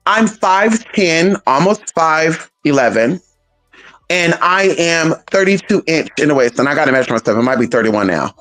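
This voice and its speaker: A woman vlogger telling a story to her viewers in a sassy, profane, animated way, with drawn-out pauses. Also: low voice, faint music behind.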